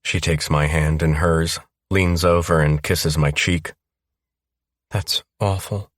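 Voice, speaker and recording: A man reading a first-person audiobook in a steady, measured way. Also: very deep voice, no echo, clean studio sound. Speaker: audiobook narrator.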